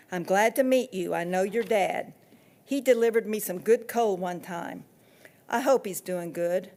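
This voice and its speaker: A woman voicing a kindly middle-aged man who runs a funeral home, speaking in a calm, folksy, reassuring way. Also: mid-range voice, close to an everyday voice.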